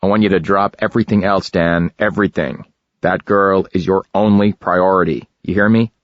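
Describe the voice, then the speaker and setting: A man plays a smooth-voiced American boss with a West Coast accent, tight and serious, pressing hard over the phone. The voice sits deep and a little louder than the narration. The recording is dry and slightly dull. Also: steady tone, moderate pace, no echo, natural voice. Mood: urgent. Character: tough American male agency boss, urgent.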